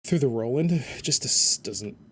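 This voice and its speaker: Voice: medium pitch, lively intonation, normal speed, a bit bright, breathy edge. A game streamer chatting casually through a live playthrough at a home computer, reading game text aloud and humming along to the music.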